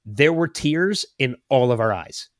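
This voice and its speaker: A man's voice: medium pitch, expressive, a little slow, no room sound. Man, late thirties, podcast host, rambling storyteller, dry close sound. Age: 30s. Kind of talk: casual chat.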